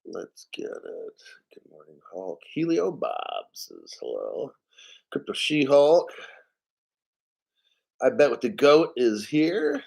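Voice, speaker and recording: A man's voice: mid-range voice, wildly swooping pitch, slow pace, vocal fry, long pauses, darkish tone, slightly rough. A man hosting a crypto livestream, reading viewer comments and rambling in a conspiratorial, casual way. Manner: rambling, conspiratorial, reads chat comments aloud. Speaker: crypto channel host.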